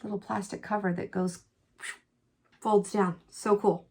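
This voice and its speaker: A middle-aged woman chatting through a makeup tutorial, candid and quick to exclaim, telling a personal story as she works. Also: medium pitch, little pitch movement, darkish tone, slight background noise. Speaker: beauty vlogger.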